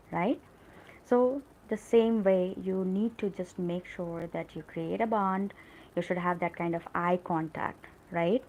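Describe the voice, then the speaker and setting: Speaking a little slowly, this woman has a lowish, gravelly, slightly mellow voice, captured in poor audio. She has an Indian English accent and runs a live English lesson, keeping the live-stream talk chatty and encouraging with lots of fillers.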